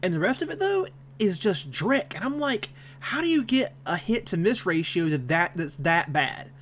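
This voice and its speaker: A young man co-hosts a podcast in easygoing, casual chat, often stumbling over the first words of his sentences. His voice is a little high. A faint hum sits behind him. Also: very animated, normal speed, fairly bright tone. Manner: easygoing, repeats words when starting sentences. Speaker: podcast co-host.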